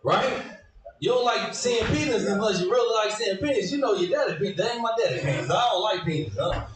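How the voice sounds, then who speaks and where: Stand-up comedian with a high, shouty, animated delivery, echoey club sound from off mic. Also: male voice, brisk, far from the mic, a crowd in the background. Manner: animated, shouting, leaps between high put-on voices. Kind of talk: stand-up set.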